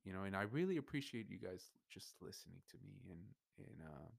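A man's voice: sits low, very animated, brisk, gravelly, slightly rough, no room sound. A young man hosting a podcast, venting in an emotional, rambling monologue full of swearing and restarts. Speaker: podcast host.

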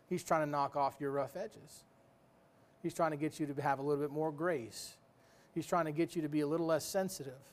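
A man preaching a sermon in a folksy, joking way, full of rhetorical questions. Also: a little high.

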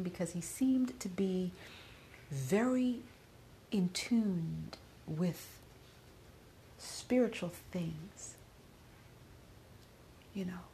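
A grieving middle-aged woman speaks in a fairly low voice, her words often sinking into a soft whisper. It is a personal reflection, recorded with a faint hiss underneath. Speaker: podcaster.

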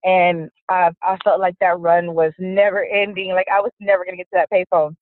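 A woman, a guest telling her own story in an interview, frank and steady, with many fillers. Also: fairly low pitch, brisk, dry recording. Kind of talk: personal testimony interview. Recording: dry, tinny phone-line sound.

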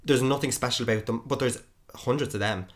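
A man's voice: mid-range voice, quick pace. A man co-hosting a podcast in casual chat, opinionated and full of fillers. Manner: chatty, opinionated, many fillers. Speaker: podcast co-host.

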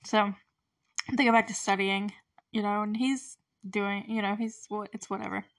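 A woman's voice: mid-range voice, fairly even intonation, moderate pace, no room sound, far from the mic. A woman hosting a casual solo podcast, chatty and effusive, laughing often as she recaps a show. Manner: chatty and effusive, laughs often, quotes characters in brief put-on voices.

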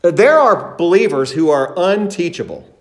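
A pastor delivers an emphatic sermon in a fairly high male voice. He slows down to stress words and lifts his voice when acting out quoted speech. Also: very animated. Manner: emphatic preaching, acts out quoted disciples in a raised voice.

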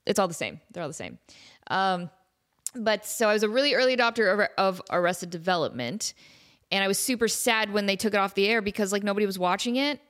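A woman in her thirties hosting a comedy podcast, talking in a chatty, animated way and slipping into silly voices. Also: mid-range voice, fast. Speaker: podcast host. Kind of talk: casual comedic monologue.

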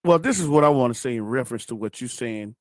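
A man's voice: mid-range voice, lively intonation, fast, darkish tone, no echo. A man hosting a political podcast, speaking straight to his listeners as folks. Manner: addresses listeners directly as folks. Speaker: podcast host.

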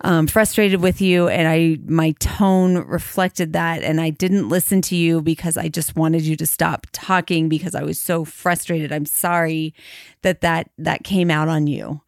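A woman in her thirties with a slightly low voice talks through ideas in a measured, thoughtful way, slowing to lay out examples. The sound is dry and close, with no room around it. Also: fairly even intonation, no room sound. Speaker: podcast co-host. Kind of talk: casual conversation about marriage and faith.

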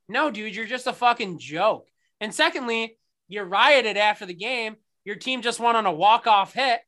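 In a relaxed sports discussion, a podcast co-host in his thirties vents sarcastically and swears freely. His voice sits high, sounding bright and forceful.

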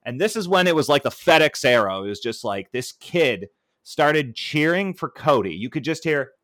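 Male podcast co-host, lively swinging pitch, dry close sound, laughs a lot and acts out what fans yell. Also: moderate pace, no echo. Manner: animated, laughs often, mimics fans mid-story. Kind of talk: casual wrestling podcast chat.

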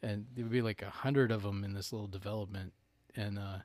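A man's voice: on the low side, fairly even intonation, a little fast, a little mellow, no room sound. A man from North Carolina co-hosting a podcast in casual chat, rambling with lots of "like" and "you know" and laughing easily. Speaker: podcast co-host.

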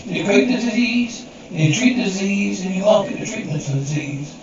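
Eager young American at a new job , played by an actress, upbeat and earnest, heard from far off through a dull, noisy track. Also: female voice, medium pitch, animated, moderate pace, crowd noise, lightly acted. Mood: pointed. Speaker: newly arrived American marketing employee. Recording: echoey, distant, dull audio with background noise.

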